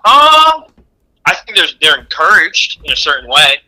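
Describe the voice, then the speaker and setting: Bright-voiced, easygoing male podcast guest. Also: on the high side, big pitch swings, unhurried, rough recording. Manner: easygoing, agreeable, blunt. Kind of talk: casual chat.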